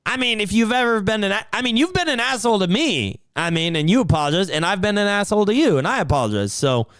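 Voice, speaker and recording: A man's voice: high-pitched, very animated, quick pace, a bit bright, smooth, no echo, studio quality. A man hosting a livestream, talking casually and telling a rambling, profane story to settle an argument. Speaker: livestream host.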